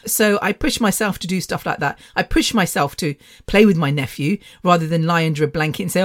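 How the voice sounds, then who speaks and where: A middle-aged British woman hosts a casual podcast, delivering a personal monologue as a rambling storyteller. She's chatty and laughs often, with a voice on the low side and a slightly fast pace.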